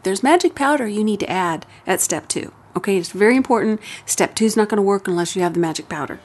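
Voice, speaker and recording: Brief: woman host, parenting advice, calm and steady, mid pitch. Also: quick pace. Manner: calm, steady, explains step by step. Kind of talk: advice talk.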